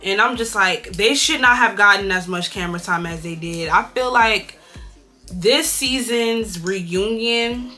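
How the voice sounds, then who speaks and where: A woman's voice: mid-range voice, a little slow, faint music behind. A young woman from California chatting bluntly and with plenty of swearing while doing a makeup tutorial. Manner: blunt, profane, animated gossip. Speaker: beauty vlogger.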